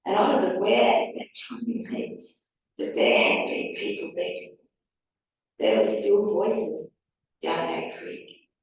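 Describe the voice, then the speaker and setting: A woman's voice: mid-range voice, darkish tone, a little hiss or hum. A woman giving a reflective, wry personal talk as a speaker at a public forum. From Australia. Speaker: panel speaker. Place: large hall with audience. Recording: echoey hall from far off.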